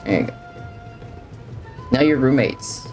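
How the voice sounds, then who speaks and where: A man streams a video game live, speaking slowly at medium pitch with a darkish tone. Chatty and jokey, he reads chat messages and wanders between talking to viewers and to the game. Faint game music sits in the background.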